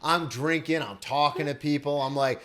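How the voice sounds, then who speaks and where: A man's voice: fairly high pitch, steady tone, moderate pace, a bit bright, slight background noise. A man hosting a podcast in casual chat, talking in a loose, chatty way with casual swearing. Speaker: podcast host.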